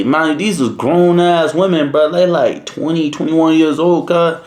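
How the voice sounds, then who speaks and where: A young man in college tells a slangy, profane story in a casual, animated way. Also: medium pitch, measured pace, roomy sound. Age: young adult.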